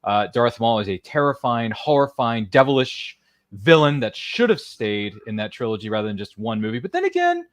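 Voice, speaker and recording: A man in his thirties from Maryland hosting a casual watchalong live stream, excitable and exclamatory with playful asides. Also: mid-range voice, normal speed, no echo, clean studio sound. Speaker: livestream watchalong host. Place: home studio.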